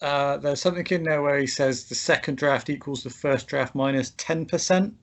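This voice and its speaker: A man hosting a podcast, putting measured, thoughtful questions to an author. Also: fairly high pitch. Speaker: podcast host interviewer. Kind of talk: interview questions.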